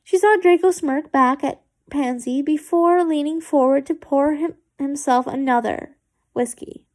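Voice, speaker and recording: A woman's voice: sits high, measured pace, a little mellow. A woman reading fan fiction aloud, stumbling and correcting herself, with chatty asides.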